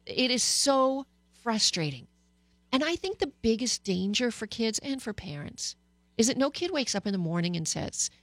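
A woman's voice: a little high, very animated, normal speed, fairly bright tone, no room sound. A middle-aged woman psychologist hosting a talk radio show, speaking candidly and personally with frequent hesitations. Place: radio studio.

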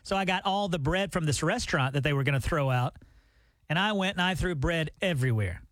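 A man with a high, bouncy voice hosts morning radio, telling stories and cracking jokes into a studio mic. His pitch swings all over the place, and the sound is close and dry. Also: fairly quick, no echo. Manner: animated storyteller, jokey. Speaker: radio morning show co-host. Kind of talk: casual radio banter. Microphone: studio microphone.

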